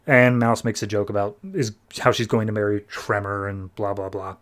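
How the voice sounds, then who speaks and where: A young adult man, a podcast co-host, casually recapping a comic book plot and throwing in quick acted-out quotes from the characters. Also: lowish voice, steady tone.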